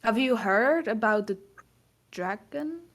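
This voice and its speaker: A woman's voice: on the high side, animated, takes it slowly. A woman playing in a tabletop game, talking in a hesitant way and thinking aloud. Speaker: player. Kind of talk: casual role-play chat.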